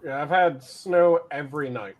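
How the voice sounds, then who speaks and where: A man's voice: fairly high pitch, normal speed. A man co-hosting a podcast, dropping short wry remarks into the casual chat. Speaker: podcast co-host.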